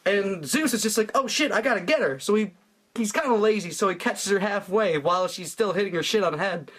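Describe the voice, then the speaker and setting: A man's voice: sits high, a little fast, fairly bright tone. A young man retelling a myth as crude comedy, rambling and profane, laughing as he goes. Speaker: storyteller.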